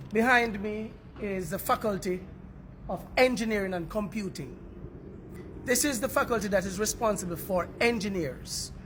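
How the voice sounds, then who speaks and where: Earnest Jamaican man, high voice. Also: bright, forceful tone, a little hiss or hum. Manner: earnest, pleading, slips into patois. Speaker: street reporter. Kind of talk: on-the-spot appeal to viewers. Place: outdoors on a university campus.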